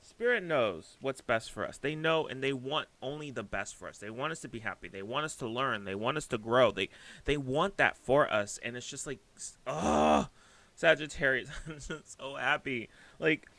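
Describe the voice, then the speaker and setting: A man with a bright, forward voice gives a casual tarot reading. He gushes and gets carried away, trailing off and circling back as he hunts for the right words. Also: mid-range voice, moderate pace, vocal fry. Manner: effusive, gushing, excitable; rambling, searching for words. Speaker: tarot reader.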